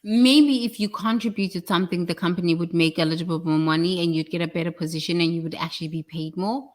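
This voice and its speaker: A woman's voice: lowish voice, steady tone, quick pace. A woman giving a blunt, preachy motivational talk about work and responsibility, swearing freely. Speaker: leadership speaker.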